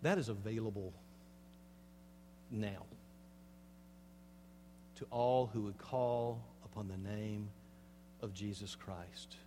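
A male pastor delivering a sermon, swinging between hushed, slow passages and loud, emphatic preaching, and speaking straight to the congregation with rhetorical questions. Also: on the low side, steady tone, slight background noise. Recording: long hall reverb.

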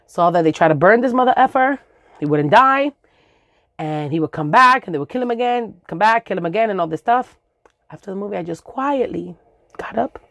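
Dominican lady in her 40s telling a funny story, lowish voice, lots of sound effects and spanish words, dry close sound. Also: no echo. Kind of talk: comic storytelling.

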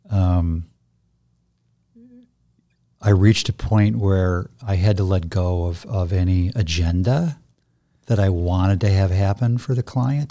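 Older guy, low mellow voice, talks gently and thoughtfully, restarts bits. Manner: gentle, reflective, restarts phrases. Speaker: guest, somatic therapist. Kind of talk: conversational interview.

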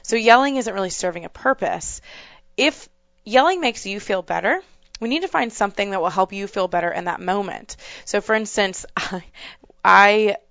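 Female co-host and trainer, smooth resonant voice, dull recording, steady explainer. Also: medium pitch, moderate pace, dry recording. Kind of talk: advice podcast chat.

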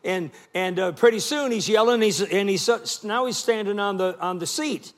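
A man's voice: high-pitched, moderate pace. A middle-aged man preaching a sermon as a guest preacher, telling folksy stories and calling for responses from the congregation. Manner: folksy storytelling with call and response.

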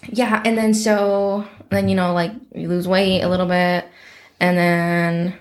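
A woman's voice: lowish voice, little pitch movement, a little slow. Chatty young woman, "like" after every few words. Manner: chatty, heavy use of "like". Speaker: podcast co-host. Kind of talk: casual chat.

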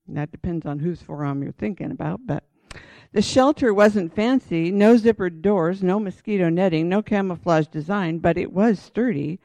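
A woman's voice: lowish voice, normal speed, darkish tone, dry recording. A woman teaching from the Bible in a sermon style, reading passages aloud and urging listeners on with earnest emphasis. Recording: dull lo-fi dry recording.

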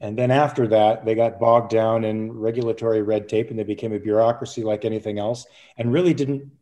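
A man speaking as a guest on a casual panel, measured and opinionated. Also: mid-range voice, warm tone.

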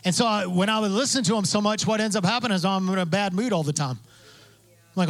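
A man preaching a sermon as pastor, conversational with asides, acting out quoted voices and building to loud emphasis. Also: high-pitched, fast. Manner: conversational with asides and self-interruptions.

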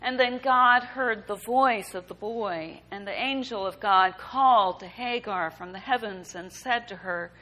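A woman preaching a sermon, reading scripture and reflecting on it in a measured, emphatic way. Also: mid-range voice, sharp tone, rough recording. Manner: slow, deliberate preaching with emphatic rises.

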